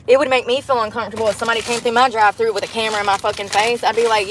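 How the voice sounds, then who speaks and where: A woman's voice: fairly high pitch, fast talker, long pauses, background noise. A woman live-streaming from inside her car on a phone camera, chatting to viewers in a casual, profane way. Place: inside a parked car at a drive-thru.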